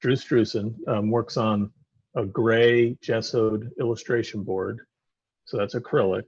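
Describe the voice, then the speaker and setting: Gravelly man chatting casually while painting. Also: on the low side, steady tone, unhurried, a little mellow, no room sound, highs cut off. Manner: rambling, filler-heavy, explains painting technique. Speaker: co-host of a live painting stream.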